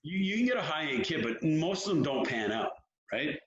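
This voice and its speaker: A fairly high-voiced man talks with frank, animated energy, building his points through lively anecdotes. His voice carries the echo of a roomy space, and the sound is dull and lo-fi. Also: normal speed. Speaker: hockey development coach. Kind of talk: candid interview talk.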